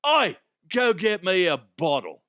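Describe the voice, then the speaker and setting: A man doing a crude, gruff impression of a celebrity in a mock rough accent. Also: sits high, very animated, unhurried, bright, forceful tone, no echo, studio quality, pitched above the performer's own voice, exaggerated voice. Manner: blunt, crude, exaggerated.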